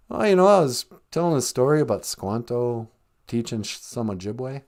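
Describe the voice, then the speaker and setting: A man from Minnesota hosting a casual, jokey live-stream podcast, sounding out words slowly and carefully. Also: mid-range voice, very animated, gravelly, darkish tone. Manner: playful, jokey, teaches words with slow careful pronunciation. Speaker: podcast host.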